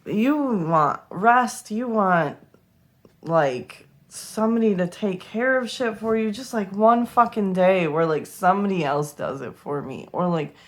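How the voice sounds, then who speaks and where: A woman's voice: medium pitch, a little slow. A young woman giving a tarot reading to camera, emotional and close to tears, swearing freely as she talks. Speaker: tarot reader.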